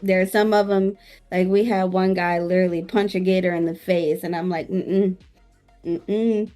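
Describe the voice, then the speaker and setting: A woman's voice: fairly low pitch, level tone, fairly quick, dark tone, soft background music. A young woman from New Orleans, a streamer guest, talking frankly and casually in an interview. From New Orleans, Louisiana. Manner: candid, frank, laid-back.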